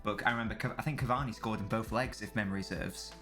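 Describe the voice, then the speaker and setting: A man's voice: fairly low pitch, fast talker, a bit bright, faint music behind. A man chatting casually as a live streamer during a football watchalong, rambling and swearing freely while answering chat.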